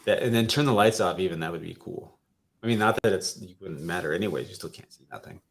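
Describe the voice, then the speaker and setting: A man's voice: low voice, quick pace, creaky, slight background noise. A man hosting a casual livestream chat, joking and teasing his co-hosts over a video call. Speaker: podcast host.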